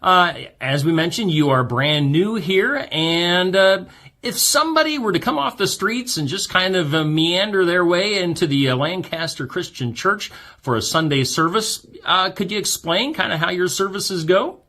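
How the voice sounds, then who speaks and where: A man's voice: high voice, lively intonation, moderate pace, pushed and bright. A man hosting a local morning show, reading weather and sports news and chatting with a guest, laughing easily. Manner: chatty, upbeat, laughs often. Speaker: host.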